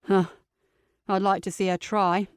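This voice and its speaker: A woman voicing a calm, caring aunt, speaking low and gently in an audiobook. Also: unhurried, clear, resonant tone, no echo, clean studio sound, close to an everyday voice. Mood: soothing. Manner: low and soothing. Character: calm, caring aunt comforting her niece.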